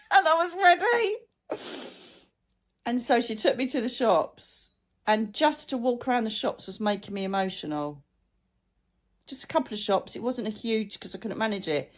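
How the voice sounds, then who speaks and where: A woman's voice: medium pitch, normal speed. A woman hosts her own vlog and chats in a loose, rambling way. She tells everyday stories with heartfelt gratitude while coping with a chronic illness. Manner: chatty, rambling, warm-hearted anecdotes. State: chronic illness, brain fog. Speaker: spiritual channel host. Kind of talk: casual heartfelt vlog chat.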